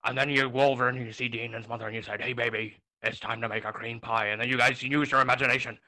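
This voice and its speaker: A man's voice: mid-range voice, flat delivery, quick pace, bright, forceful tone. A man voicing a crude, foul-mouthed male character with a brash, swaggering, lewd way of talking. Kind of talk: comedic improv on a remote podcast.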